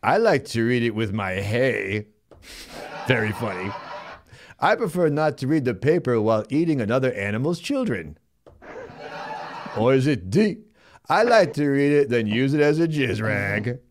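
Against a noisy background, a man at medium pitch speaks at a moderate pace with big pitch swings and long pauses, in a voice close to his everyday one. He's a brash, goofy Stallone-style host on live comedy, mumbling a tough-guy drawl and jokily bossing the sidekick and crew.

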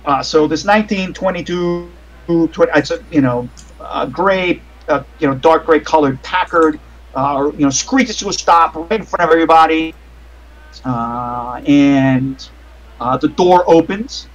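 A man's voice: fairly high pitch, measured pace, highs cut off. A man running a tabletop game as game master, narrating in a meandering, hesitant way over online voice chat.

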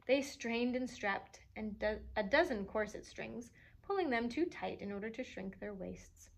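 Expressive woman reading a storybook aloud. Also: on the high side, a little slow, gravelly. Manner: expressive, animated, chuckling at the pictures. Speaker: children's librarian.

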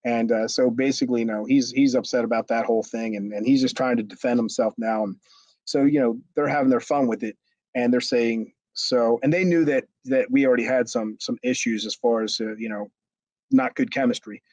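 A man's voice: mid-range voice, steady tone, a little fast, a little mellow, no room sound, rough recording. A man, a former wrestler, telling a long backstage story in a rambling way with many restarts. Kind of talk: storytelling interview.

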